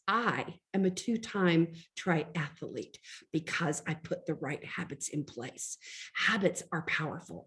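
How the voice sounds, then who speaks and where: A middle-aged woman, a life coach giving a motivational lesson through chatty personal stories told straight to her audience. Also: fairly high pitch. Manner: chatty storytelling, addresses audience directly. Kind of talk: motivational talk.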